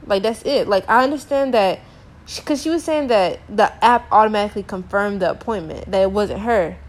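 A woman's voice: mid-range voice, fairly quick. A young woman telling a frustrating story to camera in a casual rant, exasperated and slangy, with many filler words. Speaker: teacher.

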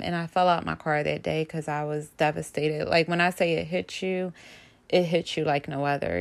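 A woman's voice: deep voice, gravelly. A young woman talking straight to her viewers about a painful loss, earnest and emotional, holding back tears. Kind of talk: personal vlog about grief.

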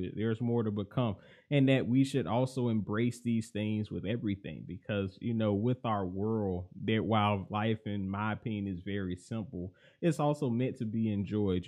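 A young man hosting a podcast, talking through faith and life in a mostly even, monotone way that livens up now and then. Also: lowish voice. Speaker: podcast host and life coach. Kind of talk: reflective faith podcast monologue.

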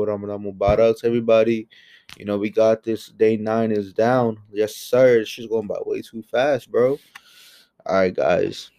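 On a podcast he hosts alone, this man goes on an exasperated, foul-mouthed tirade. His delivery lurches from quiet grumbling to loud, heated outbursts.

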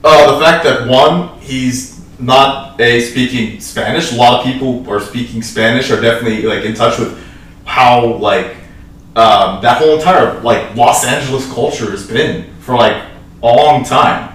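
A man's voice: mid-range voice, moderate pace, fairly bright tone. A man giving his take on a film in casual talk, opinionated and full of "like" and "right?". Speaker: film podcast co-host. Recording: echoey room, far mic, faint hiss.

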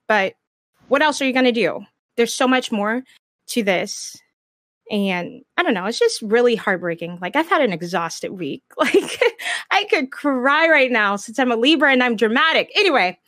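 A woman's voice: fairly high pitch, a bit bright, no echo, studio quality. A woman streamer speaking frankly and with passion in a casual panel discussion. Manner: impassioned, frank and blunt.

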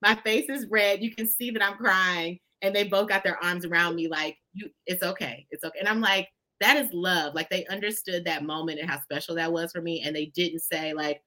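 A woman guest on a talk show, telling stories in an expressive, folksy way and often addressing listeners directly. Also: on the low side, fairly quick, hardly any pauses. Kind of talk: conversational storytelling.

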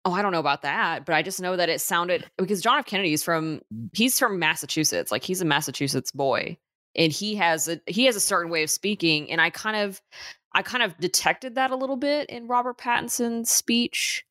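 A woman's voice: on the low side, a little fast, sharp tone, no echo, clean studio sound. A woman co-hosting a casual movie podcast, chatty, with lots of fillers and restarts. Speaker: podcast co-host.

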